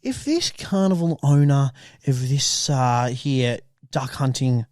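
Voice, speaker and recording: Animated man, mock-emotional comedy. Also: medium pitch, slow, no room sound, studio quality. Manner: rambling, mock-emotional, stammering restarts. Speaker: podcast co-host. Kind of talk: improvised comedy news skit.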